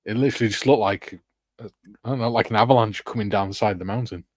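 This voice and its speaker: A man from Wales chats loosely on a livestream, reading out comments and laughing often. His voice sits a little low and sounds close and dry, with no room around it. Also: fast, a little mellow, dry recording. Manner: laughs often, tells anecdotes, reads viewer comments aloud. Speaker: co-host. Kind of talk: casual livestream chat.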